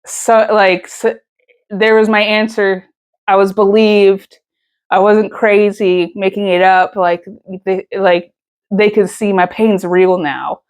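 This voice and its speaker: A woman's voice: medium pitch, fairly even intonation, slow. A woman, telling a personal story in a casual vlog, emotional and rambling with many fillers and restarts. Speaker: vlogger.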